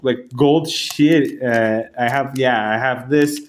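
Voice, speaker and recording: A man casually telling a rambling story to camera, swearing often and restarting his sentences. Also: medium pitch. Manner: rambling, profane, halting restarts. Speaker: vlogger.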